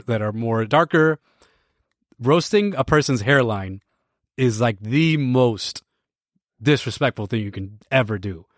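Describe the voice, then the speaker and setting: Animated American man, dry close mic. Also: medium pitch, no echo. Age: 30s. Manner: animated, restarts often, laughs while telling a story. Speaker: podcast host. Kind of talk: casual storytelling to a live stream audience.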